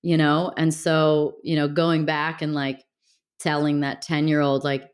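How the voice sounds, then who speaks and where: A woman's voice: low-pitched, flat delivery, a little slow, clear, resonant tone. A woman guest speaking candidly and reflectively in a casual interview, with many fillers and restarts. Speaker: podcast guest.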